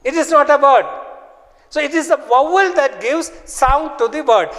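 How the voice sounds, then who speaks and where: A man teaching a phonics lesson, repeating sounds and example words slowly and with care. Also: very high-pitched, a bit bright, long reverb tail. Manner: slow, repetitive, drills words aloud. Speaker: English teacher.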